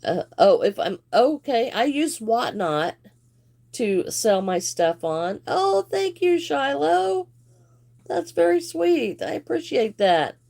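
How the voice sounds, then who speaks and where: While crocheting on a livestream, a woman chats easily, welcomes viewers by name and laughs occasionally. She has a high, sing-song voice with vocal fry and a darkish tone, and she takes her time speaking.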